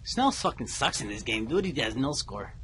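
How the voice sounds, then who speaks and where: A young man chatting loudly over a video game, laughing and teasing his friends. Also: mid-range voice, big pitch swings, normal speed, a little hiss or hum, rough recording. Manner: loud, laughing, teasing, repeats himself. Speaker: gamer. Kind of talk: casual chat over a game.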